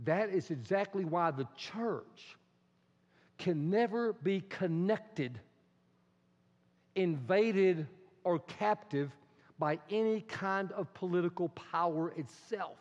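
Higher-voiced male preacher, animated, loud-to-hushed swings, dull recording. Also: takes it slowly. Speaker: pastor. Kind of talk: sermon. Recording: dull sound in a reverberant hall.

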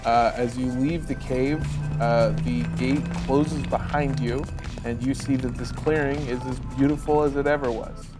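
A man narrating as game master in a loose, relaxed way, with frequent fillers. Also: medium pitch, moderate pace, over loud music.

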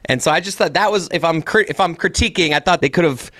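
Halting male podcast co-host, dry sound. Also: fairly high pitch, a bit bright, dry recording. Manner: halting, with restarts and searching for words. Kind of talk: casual podcast chat.

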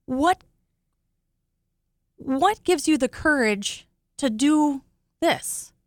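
Woman host, chatty and emotional, fairly high voice, dry studio sound. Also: animated, drawn-out words, no room sound. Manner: chatty and emotional, laughs often. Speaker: show host, accident survivor. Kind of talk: grateful casual studio talk.

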